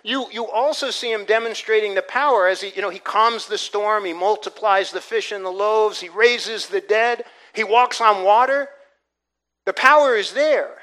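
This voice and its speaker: Bright, high-voiced male preacher. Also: moderate pace. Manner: earnest preaching with repetitions and rising emphasis. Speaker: pastor. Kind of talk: sermon.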